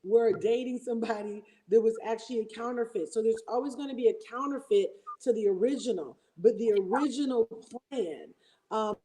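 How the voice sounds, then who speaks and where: A woman's voice: on the high side, brisk, dark tone, poor audio. A woman guest on a casual livestream, talking enthusiastically and at length in a preacherly way. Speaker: guest co-host.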